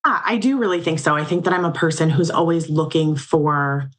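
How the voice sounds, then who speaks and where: A woman's voice: low-pitched, fairly quick. A woman in her forties, a guest in a casual interview, talking in an earnest, reflective and slightly emotional way. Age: 40s.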